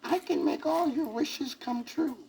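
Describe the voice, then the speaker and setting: Man squeaking as a tiny old fairy godmother elephant. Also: measured pace, vocal fry, a little mellow, exaggerated voice. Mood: sweet. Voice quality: squeaky, very high. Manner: sing-song rhyming spells. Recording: crackly 1960s vinyl record.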